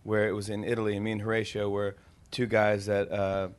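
A man as a podcast guest, spinning stories in a lively way, often breaking into laughter. His voice sits a little low, and the close studio mic keeps it dry. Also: fairly quick, clean tone, no room sound. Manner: animated, laughs while telling stories. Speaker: guest, comedian and TV host. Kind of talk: casual storytelling interview.

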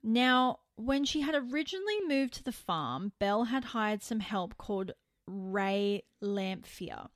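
A woman's voice: medium pitch, measured pace, dry recording. Woman telling a case on a dry close mic. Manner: animated storytelling, incredulous asides. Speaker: podcast co-host narrating a case. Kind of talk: casual true-crime podcast chat.

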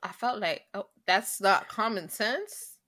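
A woman's voice: mid-range voice, takes it slowly, pushed and bright. A woman co-hosting a casual podcast chat, talking about friendship, reading lines from an article and laughing often. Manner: chatty, reads article text aloud, laughs a lot. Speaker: podcast co-host.

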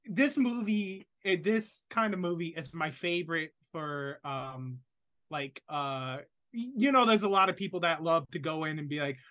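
A man's voice: fairly high pitch, moderate pace, fairly bright tone. A man co-hosting a podcast, chatting casually about a movie, rambling with lots of fillers and swearing. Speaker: podcast co-host.

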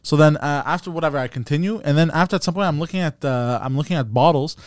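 A man's voice: on the high side, fast, no room sound, clean studio sound. A man co-hosting a comedy podcast, telling a rambling story in casual chat, laughing and restarting often. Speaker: podcast co-host.

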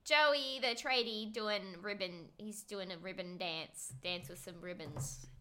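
A woman's voice: mid-range voice, a little slow, pushed and bright. A woman co-hosting a podcast, blunt and wry in casual chat, swearing freely. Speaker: podcast co-host.

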